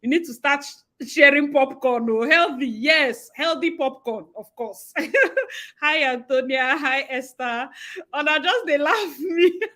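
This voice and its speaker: Young Nigerian woman, livestream host; high, bright, chatty, quick to laugh. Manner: chatty, greets viewers by name, laughs often. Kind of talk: casual live-stream chat.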